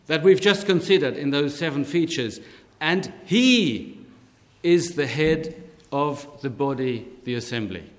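A man preaching a sermon slowly and deliberately, lifting his voice on key words. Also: a little high. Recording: long hall reverb.

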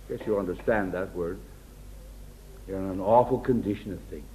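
An American man preaching a sermon in an earnest way, often dropping to a hushed, tender tone. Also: low-pitched, normal speed, long pauses. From United States. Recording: tinny lo-fi phone-like recording.

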